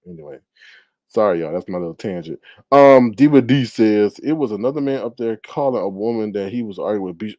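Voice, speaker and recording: A man hosting a livestream, reading chat and gossiping in a sassy, animated way, often laughing and jumping into high mocking tones. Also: normal speed, dry recording. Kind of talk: casual gossip commentary.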